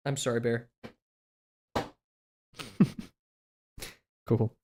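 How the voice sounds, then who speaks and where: At normal speed and medium pitch, with a slightly mellow tone, a young American man draws on a livestream. He chats casually, rambling, giggling and leaning on filler words.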